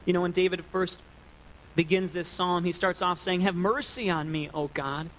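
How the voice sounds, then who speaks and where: A man's voice: high-pitched, fairly even intonation, normal speed, a bit bright, slight background noise, poor audio. A man preaching a sermon as a pastor, earnest and conversational.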